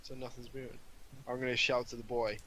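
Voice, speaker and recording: A man playing in a tabletop game, talking in a relaxed, wry and slightly hesitant way. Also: medium pitch, fast talker, a little hiss or hum, rough recording. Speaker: player. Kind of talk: tabletop role-play chat.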